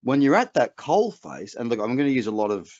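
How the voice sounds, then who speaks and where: A man's voice: mid-range voice, very animated, fairly quick, darkish tone. Brief: middle-aged Australian man with a slight English lilt, punchy coach delivery, mid-range voice, dull lo-fi sound. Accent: Australian with a trace of English. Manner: emphatic, motivational, chatty with asides. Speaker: trading coach. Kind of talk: webinar presentation. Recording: muffled lo-fi webinar audio.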